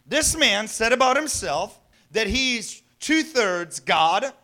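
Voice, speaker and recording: A male pastor preaching with a strikingly high, bright voice. He keeps it conversational, tossing rhetorical questions to the congregation and chuckling along the way. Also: very animated, takes it slowly. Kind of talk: sermon.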